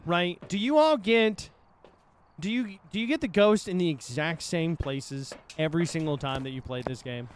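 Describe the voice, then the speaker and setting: A man's voice: a little high, moderate pace, slight background noise. A man commentating his own horror-game play, talking to the ghost and getting exasperated, swearing freely. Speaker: gaming streamer. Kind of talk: casual let's-play commentary.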